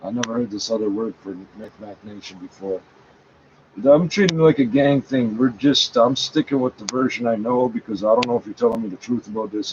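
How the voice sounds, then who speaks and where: A man's voice: medium pitch, fairly even intonation, brisk. A man reading a page aloud and talking back to it, scornful, correcting it and swearing often. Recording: dull lo-fi sound, faint background noise.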